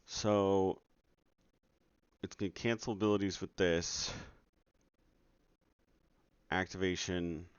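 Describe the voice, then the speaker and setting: This streamer has a deep, steady, smooth voice and speaks slowly, leaving long pauses. He's developing a game at home at night and talking casually to his audience, sounding exasperated and sarcastic, with plenty of swearing. The recording is dry, dull, and lo-fi.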